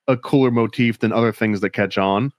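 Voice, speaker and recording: A young adult man co-hosting a podcast, talking with enthusiasm and filling pauses with "like" and "um". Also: on the low side, steady tone, no room sound, studio quality. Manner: enthusiastic, fills with "like" and "um". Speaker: podcast co-host. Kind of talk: casual chat.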